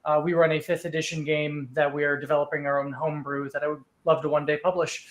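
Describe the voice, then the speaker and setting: A man's voice: fairly high pitch, little pitch movement. A man with a slightly raised voice introduces himself for a livestream. He sounds a bit nervous and stops often to say um. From Chicago area. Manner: a bit nervous, halting with many ums. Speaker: guest player.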